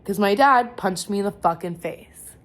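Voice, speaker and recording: A woman's voice: mid-range voice, moderate pace. A woman telling her personal testimony in casual, confessional storytelling, candid and profane, often stopping to restart her sentences. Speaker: vlogger sharing personal testimony. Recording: echoey room with faint background noise.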